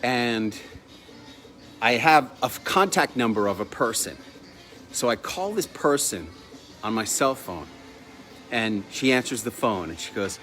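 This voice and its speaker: Chatty man telling a lively story. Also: mid-range voice, a little slow, long pauses, soft background music. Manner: chatty, lively anecdotal delivery with laughs. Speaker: entrepreneur telling a personal story. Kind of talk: casual storytelling.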